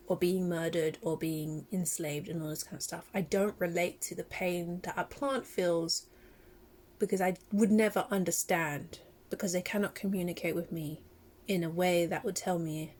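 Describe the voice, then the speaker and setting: A woman vlogger talking casually in a reaction video, emotional and animated, laughing often. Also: lowish voice, moderate pace.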